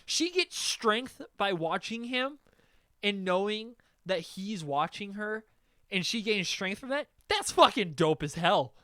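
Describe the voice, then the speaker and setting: A man hosts a casual podcast chat, swearing freely and getting worked up. His pitch swings widely as he rants, and the sound is dry and close. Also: slow pace, dry recording. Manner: excitable, profane, animated. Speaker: podcast host.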